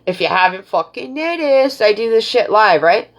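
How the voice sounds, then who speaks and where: A woman's voice: fairly high pitch, expressive, normal speed. A middle-aged woman from Canada hosting a casual live stream, telling stories bluntly and profanely, acting out back-and-forth dialogue. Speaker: livestream host.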